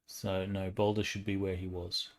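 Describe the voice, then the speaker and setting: A man's voice: sits low, flat delivery, normal speed. A man running a tabletop game as game master, explaining rules in a patient, matter-of-fact way.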